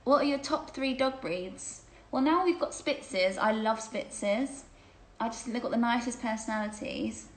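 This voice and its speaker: A woman's voice: on the high side, measured pace, echoey room, slight background noise, low-quality recording. A woman hosting a casual livestreamed chat, reading out viewer questions, gushing and chatty and laughing often.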